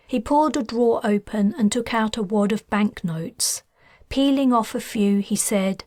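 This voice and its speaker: Woman author-narrator, measured audiobook read, slow, dry studio sound. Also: mid-range voice, dry recording. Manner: measured, even reading.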